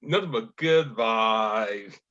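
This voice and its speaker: A man playing an upbeat young elf hustler who talks in a breezy, excitable, salesy way, on dull lo-fi audio. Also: on the low side, very slow, full character voice.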